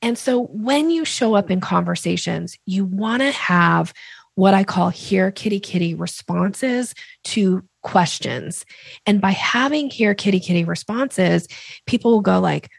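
A middle-aged woman, a sales expert guest, explaining with vivid examples and lively acted-out voices. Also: mid-range voice, a little slow, creaky, no room sound. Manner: lively, acts out quoted voices.

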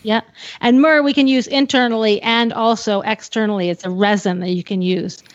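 A woman's voice: on the high side, fairly even intonation, normal speed, dull audio. A woman co-hosting a casual radio chat, explaining herbal remedies for horses. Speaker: co-host, holistic veterinarian.

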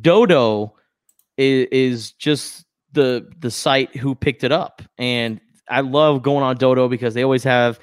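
A man's voice: medium pitch, unhurried, clear, resonant tone, dry recording, clean studio sound. A man co-hosting a podcast, chatting casually and telling stories with self-deprecating humor. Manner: self-deprecating, animated storytelling. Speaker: podcast co-host. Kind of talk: casual chat.

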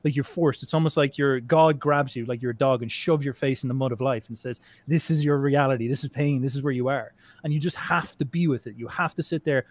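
Fast-talking, rambling man. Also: on the high side. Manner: rambling, swears often, many restarts and fillers. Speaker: podcast guest. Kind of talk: casual conversation.

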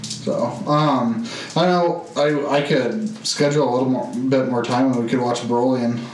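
A man's voice: fairly even intonation, moderate pace, darkish tone. A man co-hosting a podcast, chiming in with short, dry remarks. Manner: low-key, dry interjections. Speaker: podcast co-host. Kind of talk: casual chat. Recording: echoey room, distant mic, faint noise.

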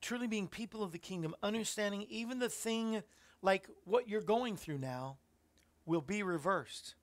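A man's voice: high-pitched, normal speed. A man hosting a Christian radio commentary show, musing on scripture in a reflective, rambling way with frequent fillers. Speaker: host.

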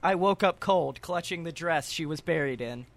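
A man's voice: fairly high pitch, moderate pace, vocal fry. A man co-hosting a comedy podcast, reading short horror stories aloud and breaking into jokey asides and laughter. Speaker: podcast co-host.

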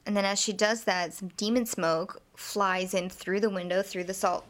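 A woman's voice: mid-range voice, steady tone, fairly bright tone. A woman in casual chat, recapping a TV episode and quoting the characters. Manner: conversational, quick agreement, quotes characters. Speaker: podcast co-host recapping a TV episode.

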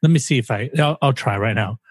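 A man's voice: medium pitch, quick pace, no room sound. A man co-hosting a podcast, joking around in casual chat and slipping into put-on accents. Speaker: podcast co-host. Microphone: studio microphone.

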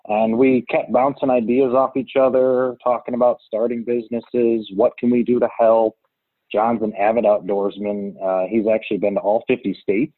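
A man's voice: medium pitch, no echo. A man in his thirties from Cleveland, a business co-founder telling his story in a casual interview, chatty with lots of fillers, heard over a call line. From Cleveland, Ohio. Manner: chatty, filler-heavy, restarts often. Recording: tinny phone-call line.

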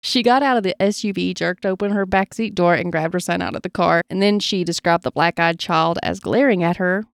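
A woman co-hosting a casual podcast, reading strange stories aloud in an even, unhurried tone. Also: lowish voice, dry recording, clean studio sound. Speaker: podcast co-host telling stories.

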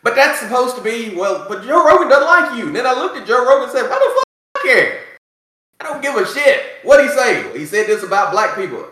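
Brief: excitable male podcast co-host, bright tense voice, profane rants, very echoey room. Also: very high-pitched, fast, hardly any pauses. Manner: profane, animated ranting with mocking asides. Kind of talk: casual chat.

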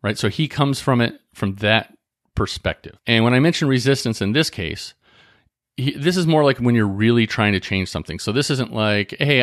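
A man hosting a podcast in a casual motivational talk, chatting conversationally, often checking in with "right?" and slowing down to read book passages aloud. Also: fairly low pitch, fairly bright tone, dry recording, clean studio sound. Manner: conversational, often asks "right?" and restarts phrases; reads book passages aloud more slowly. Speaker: podcast host.

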